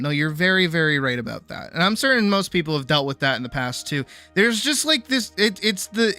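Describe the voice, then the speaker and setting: A woman's voice: on the low side, sharp tone, no echo. A woman streamer chatting casually with her live audience, rambling and acting out other people's voices, swearing freely.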